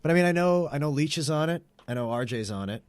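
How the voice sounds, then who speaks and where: A man co-hosting a podcast, chatting casually and telling straight-faced tall tales with animated voices. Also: on the high side, quick pace, clean tone, no echo. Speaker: podcast co-host. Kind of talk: casual comedy chat.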